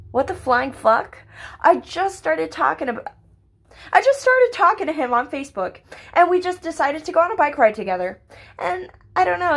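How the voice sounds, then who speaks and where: A young woman telling a casual storytime to her viewers, chatty and full of "like" and "literally", swearing freely and breaking into excited squeals. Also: fairly high pitch. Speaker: vlogger.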